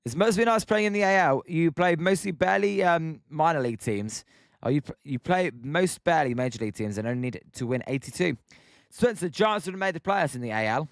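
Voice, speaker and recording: British man, young, live play-by-play, chats with viewers, slightly high voice, dry sound. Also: animated, a little fast, dry recording. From Britain. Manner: chatty, reacts to viewer comments by name. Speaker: live stream host calling a baseball game. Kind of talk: live play-by-play commentary while reading chat.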